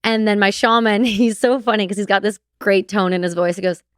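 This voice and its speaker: Lively, smooth-voiced woman telling stories. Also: mid-range voice, a little fast, dry recording, clean studio sound. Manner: animated, laughing, swears freely. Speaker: podcast guest. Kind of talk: casual storytelling.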